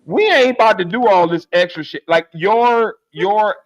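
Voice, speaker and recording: A man's voice: high-pitched, unhurried, lo-fi sound. A man co-hosting a podcast, going off on a comedic, profane, exasperated rant in casual talk. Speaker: podcast co-host.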